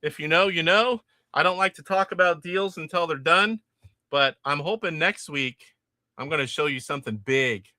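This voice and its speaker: A man's voice: fairly high pitch, normal speed, sharp tone, dry recording. A man from California hosting a livestream, chatting casually and rambling as he reads out viewer comments. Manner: chatty, rambling, frequent restarts and laughs. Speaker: livestream host.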